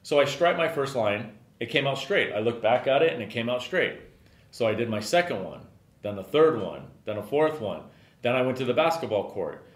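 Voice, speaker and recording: A man's voice: mid-range voice, big pitch swings, normal speed. A middle-aged man hosting a podcast, telling a story casually and rambling with lots of filler words. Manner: rambling, frequent "you know" fillers. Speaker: podcast host and business owner. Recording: roomy echo.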